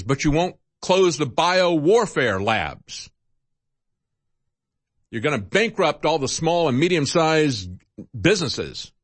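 A man's voice: a little high, fairly bright tone, husky, no echo. An older man hosting a political talk show, delivering a combative, indignant monologue with a dry, close studio sound.

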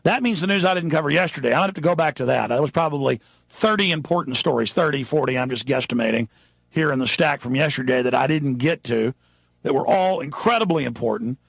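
A man hosting a talk radio show, rambling in an agitated way with bursts of shouting. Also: a little high, lively intonation, quick pace, creaky, husky, dry recording, highs cut off.

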